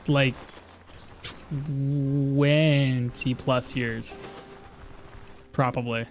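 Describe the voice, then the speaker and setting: A man's voice: medium pitch, steady tone, very slow, faint music behind. A man giving casual, rambling gameplay commentary as a streamer, often laughing at himself. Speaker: game streamer.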